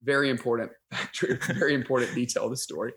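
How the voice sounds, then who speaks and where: A man's voice: mid-range voice, quick pace. Man telling a story in casual chat. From United States. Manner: self-deprecating, animated retelling with quoted inner thoughts. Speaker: pastor and podcast guest.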